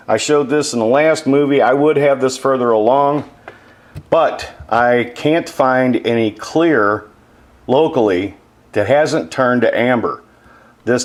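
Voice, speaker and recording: A man chatting casually while he explains his model-building work, self-deprecating and explanatory. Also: mid-range voice. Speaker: model maker. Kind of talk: casual workshop narration.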